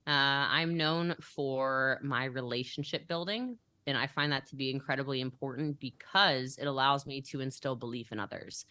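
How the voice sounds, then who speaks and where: A woman's voice: a bass voice, normal speed, hardly any pauses, bright, forceful tone, dry recording. A young adult woman talking as a business coach in a motivational podcast interview, emphatic and acting out the conversations she quotes.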